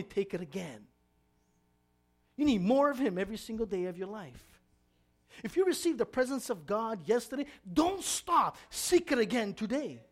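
A preacher delivering a sermon, swinging between shouted emphasis and quiet, low asides, and stretching out key phrases.

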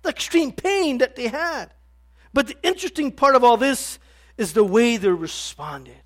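Male pastor with a very high voice. Delivers an impassioned sermon with halting restarts and sudden loud emphasis. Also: expressive.

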